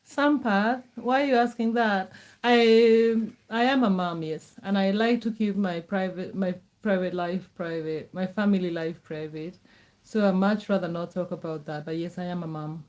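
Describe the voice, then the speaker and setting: A woman's voice: medium pitch, moderate pace, a little mellow. A middle-aged woman from Kenya, chatting casually on a live stream, answering viewers' comments in a reassuring way and repeating her words.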